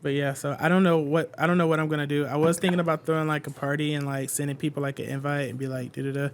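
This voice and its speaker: A man's voice: a little high, steady tone, fast talker, a little hiss or hum. A man chatting as a podcast guest, rambling with lots of fillers and swearing. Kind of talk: casual chat.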